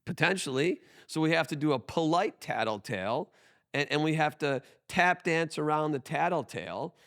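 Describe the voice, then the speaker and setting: A man's voice: on the high side, expressive, moderate pace, fairly bright tone. A man talking as a podcast guest about his business, emphatic and full of restarts. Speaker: guest, tax firm owner. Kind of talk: conversational podcast interview.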